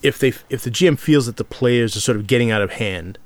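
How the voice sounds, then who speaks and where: Halting man in dry close audio. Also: mid-range voice, dry recording. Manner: halting, lots of fillers and restarts. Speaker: podcast co-host. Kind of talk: casual discussion.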